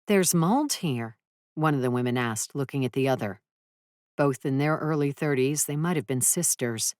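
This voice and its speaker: Low-voiced female audiobook narrator, measured and dry, close studio sound with no room. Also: darkish tone, no room sound. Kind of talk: scripted first-person narration.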